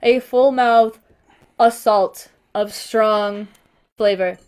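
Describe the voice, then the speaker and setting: Woman guest, a bit high-pitched, laughs easily, teases the hosts. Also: steady tone, slow pace, darkish tone, clean tone. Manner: giggly, teasing. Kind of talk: casual chat on a livestream.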